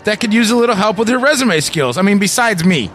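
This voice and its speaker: A male radio host with a rather high voice rambles and jokes with plenty of swearing. He has an easy, uncensored banter with his co-hosts. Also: lively intonation, quick pace, a bit bright, soft background music. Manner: profane, joking, rambling. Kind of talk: uncensored casual radio chat.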